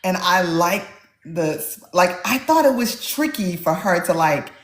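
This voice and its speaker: A woman author in a casual interview, telling stories with animated energy. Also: lowish voice, a little slow, roomy sound. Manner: animated storyteller, acts out quotes. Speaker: author guest.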